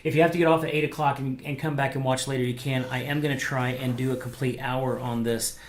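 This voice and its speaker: A man's voice: medium pitch, fast, reverberant. A man, a pastor, leading a casual small-group Bible lesson for online viewers, talking conversationally and acting out quotes. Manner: animated, acts out quotes, conversational fillers. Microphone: microphone, streamed to viewers.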